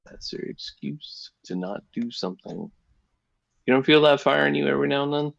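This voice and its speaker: A man's voice: medium pitch, expressive, normal speed, gravelly, dry recording. A man in his thirties in casual chat, giving blunt advice and swearing freely. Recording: dull lo-fi sound.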